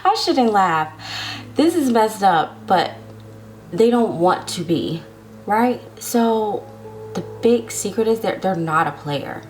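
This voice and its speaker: A woman's voice: medium pitch, darkish tone. A woman giving a casual tarot love reading to her viewers, chatty and drawn out, often checking in with "okay?". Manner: chatty, drawn-out words, frequent "okay?" tags. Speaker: tarot reader.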